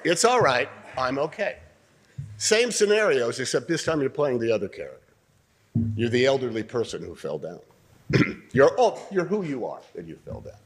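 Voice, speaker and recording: An older man teaching an acting workshop, coaching students through scenes in an animated way and often clearing his throat. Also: mid-range voice, normal speed.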